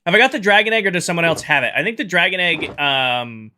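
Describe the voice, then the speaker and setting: A man's voice: fairly high pitch, animated, fast, bright, forceful tone, slight background noise. A man streaming a game live, chatting casually, thinking aloud as he sorts items and greeting viewers in chat.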